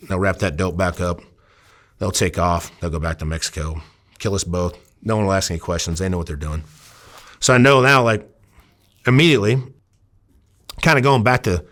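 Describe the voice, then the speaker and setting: A man's voice: deep voice, a bit bright. A middle-aged man from Iowa, a former undercover officer, telling a story in an interview and acting out what people said. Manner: vivid, dramatic retelling with acted-out quotes.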